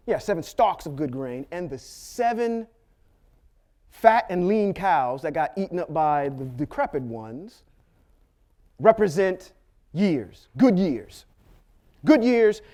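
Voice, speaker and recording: A man's voice: fairly high pitch, dark tone. A man giving a Torah study lesson, walking through Hebrew letters and vowels patiently, checking in with "okay?" and tossing in small jokes. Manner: patient, step-by-step explaining with frequent "okay?" checks. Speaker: Bible teacher.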